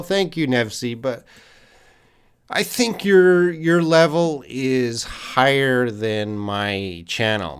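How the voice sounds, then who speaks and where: A middle-aged Canadian man with a fairly low voice teaches English on a live stream. He speaks very slowly, answering chat questions one by one. He pauses often with ums and hmms while he thinks things through. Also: clean tone. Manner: slow, patient, stops to think with ums and hmms.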